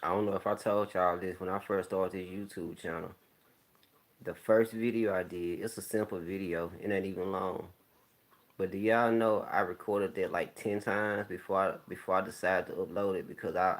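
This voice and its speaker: A man hosting his own YouTube channel, telling stories to viewers in a relaxed, rambling way with plenty of slang. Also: sits low, moderate pace. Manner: laid-back, rambling storytelling with slang. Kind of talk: casual talk to viewers.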